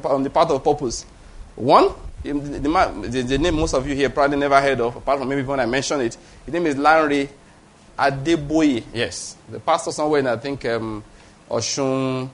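A middle-aged Nigerian-accented man preaching in a somewhat high voice. He talks to the congregation in an emphatic, conversational way, often stopping to check that they follow him. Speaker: pastor. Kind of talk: sermon.

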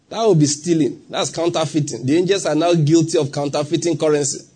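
A Nigerian man preaching a sermon in a church. His voice is husky and sits a little high. He acts out small scenes and keeps checking that the congregation is following him. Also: steady tone, fast, few pauses, warm tone. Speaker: pastor.

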